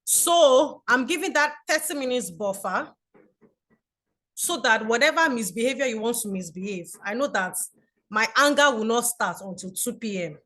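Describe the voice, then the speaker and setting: A Nigerian woman in her forties giving an online talk to a community group, chatty and animated, telling stories over a video call. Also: a little high, moderate pace. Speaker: guest speaker.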